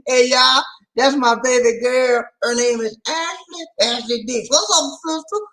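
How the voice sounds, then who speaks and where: A middle-aged man from Charleston, South Carolina, with a Southern accent hosts a casual livestream, greeting viewers with playful laughter. His voice is extremely high-pitched, bright and forceful, at a measured pace. The recording is low quality.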